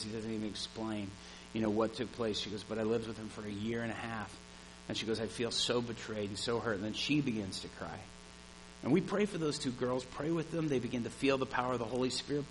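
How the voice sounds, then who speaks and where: A man's voice: medium pitch, a bit bright, slight background noise, low-quality recording. Earnest male preacher telling stories. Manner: earnest, retells dialogue, repeats phrases for emphasis. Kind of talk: sermon with storytelling.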